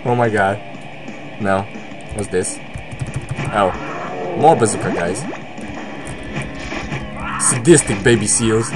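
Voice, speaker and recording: A young man commentating on his own gameplay, joking, swearing and bursting into excited shouts. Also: lowish voice, slow, pauses often, over music. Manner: excitable, swearing, jokey outbursts. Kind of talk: let's play commentary.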